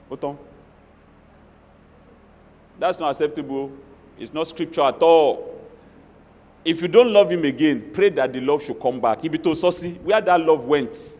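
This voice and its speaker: Nigerian pastor preaching in a reverberant hall. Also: male voice, high voice, measured pace, pauses often. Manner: animated preaching with Yoruba asides and acted quotes. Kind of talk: sermon.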